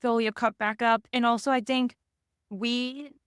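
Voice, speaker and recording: A woman's voice: on the high side, fairly even intonation, measured pace, clean tone, dry recording, clean studio sound. A woman hosting a podcast, talking in a loose, rambling way with many restarts. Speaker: podcast host. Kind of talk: casual conversation.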